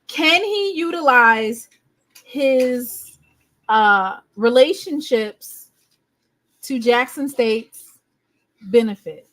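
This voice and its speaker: A woman hosting a casual live podcast, animated and joking with her viewers. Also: a little high, very slow, pauses often. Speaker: podcast host. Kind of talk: casual livestream chat.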